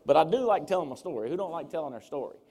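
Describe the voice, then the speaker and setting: In a reverberant hall, a man delivers a seminar talk at a racing pace in a high-leaning voice, telling his story with lively, animated swings and acting out what people said.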